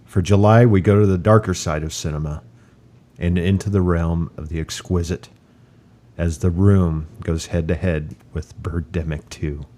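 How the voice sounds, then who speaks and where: A man's voice: sits low, fairly even intonation, moderate pace, mellow. A man hosting a casual podcast, jokey and often laughing. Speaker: podcast host.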